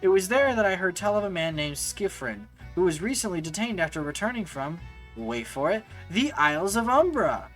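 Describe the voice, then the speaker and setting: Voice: medium pitch, sing-song, normal speed, close to an everyday voice, poor audio. A streamer voicing a haughty woman scholar, reading game dialogue in a theatrical, mock-formal way with stammers, over faint music. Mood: pompous.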